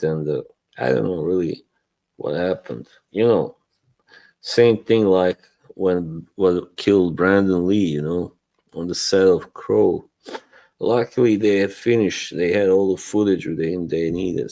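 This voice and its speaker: A man with a very low, dark voice hosts a relaxed live stream. He talks slowly, rambles, chuckles often and lets his sentences trail off.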